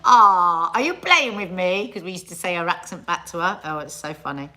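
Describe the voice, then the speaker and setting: A woman's voice: lowish voice, animated, moderate pace, sharp tone. Chatty woman hosting a stream. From England. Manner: chatty, sing-song greetings to viewers. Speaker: host of a live stream. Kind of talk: casual live-stream chat.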